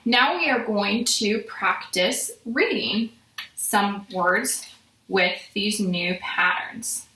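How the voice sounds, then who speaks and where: Lady teacher doing phonics, sounds out letters real slow, roomy echo. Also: mid-range voice, bright, forceful tone, a little hiss or hum. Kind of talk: phonics lesson for children. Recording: echoey room.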